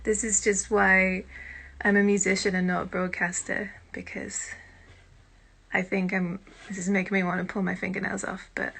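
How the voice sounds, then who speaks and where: A British woman hosting a casual live-stream chat on her phone, chatty and self-deprecating, with quiet muttered asides. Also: medium pitch, completely flat delivery, moderate pace, creaky, slightly rough. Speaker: host.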